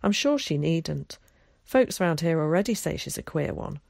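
A woman voicing an excitable, theatrical boy who chatters eagerly. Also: deep voice, moderate pace, vocal fry, no room sound, clean studio sound, heavily acted. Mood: chatty.

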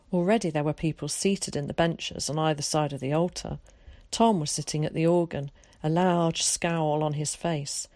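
Woman narrator, low voice, calm and measured, dry close recording. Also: dry recording. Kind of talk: audiobook narration.

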